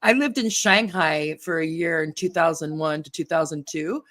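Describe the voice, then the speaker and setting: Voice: medium pitch, normal speed, fairly bright tone. A host running a political interview over a video call, rambling with many fillers and frequent laughs.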